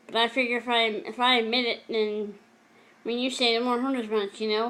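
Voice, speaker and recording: A woman vlogger talking earnestly and emotionally to camera in a personal confessional video, at times halting. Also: fairly high pitch, flat delivery, a bit bright. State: emotional, close to tears.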